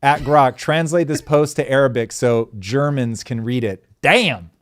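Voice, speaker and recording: A man's voice: mid-range voice, normal speed, clean tone. A middle-aged man hosting a show, riffing with emphatic, sarcastic energy and the odd swear. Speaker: show host. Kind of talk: animated commentary chat.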